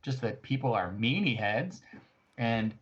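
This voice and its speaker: A man playing his character at a tabletop game, rambling excitedly and tripping over restarts. His pitch is middling. The sound is dull and lo-fi. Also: unhurried. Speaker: player.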